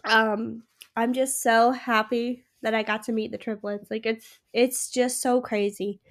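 A woman's voice: on the high side, flat delivery, measured pace. A sick young woman hosting her own podcast, gushing and emotional in a rambling casual chat. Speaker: podcast host.

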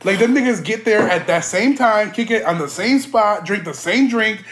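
A man in casual chat, reacting with quick jokes and questions. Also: sits high, lively intonation, fairly bright tone, a little hiss or hum.

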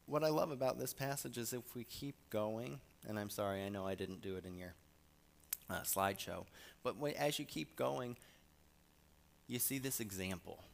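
A man preaching a sermon, reading scripture with emphasis and swinging from soft asides to loud lines. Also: mid-range voice, moderate pace, gravelly.

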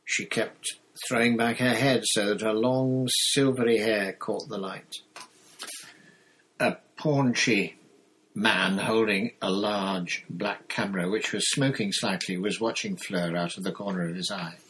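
Guy reading a story out loud, husky voice, lowish, trips over words now and then. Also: a little slow, poor audio. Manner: steady reading with occasional slips. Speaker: audiobook reader. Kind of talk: storybook narration.

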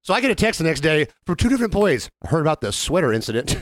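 A male podcast co-host chats casually and tells stories with animation, imitating customers and the other people involved and swearing freely. His voice is fairly high and rapid-fire, recorded with no echo.

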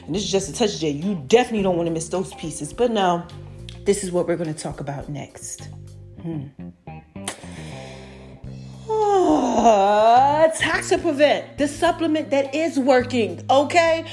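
A woman's voice: mid-range voice, moderate pace, soft background music. A woman hosting her own podcast, giving a casual, effusive update to her followers, calling them y'all and baby. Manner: animated, effusive, addresses listeners as y'all and baby. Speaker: podcast host and brand owner.

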